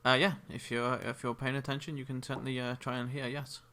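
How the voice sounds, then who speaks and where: A man narrating a tabletop game as game master, with a measured delivery and frequent ums and uhs. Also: mid-range voice, level tone, sharp tone.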